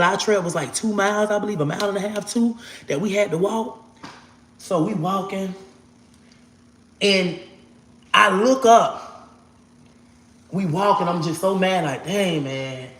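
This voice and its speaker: Emphatic woman telling a story in an echoey room. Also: lowish voice. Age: 40s. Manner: emphatic, swears oaths to God, addresses viewers as y'all. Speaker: storyteller vlogger. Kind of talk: casual storytime monologue.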